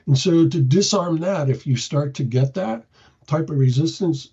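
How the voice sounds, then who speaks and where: Male speaker, unhurried and husky, demonstrating soothing command phrasing. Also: a little high, mellow. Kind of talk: instructional talk. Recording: dull lo-fi audio.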